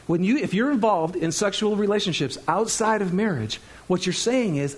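High-voiced animated male pastor preaching. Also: moderate pace, hardly any pauses. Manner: conversational, animated, laughs often, acts out quotes. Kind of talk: sermon. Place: church sanctuary.

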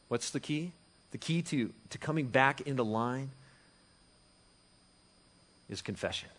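A man preaching a sermon as pastor, conversational and animated, moving from hushed to loud and emphatic. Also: medium pitch, a little slow. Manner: conversational with frequent restarts and chuckles.

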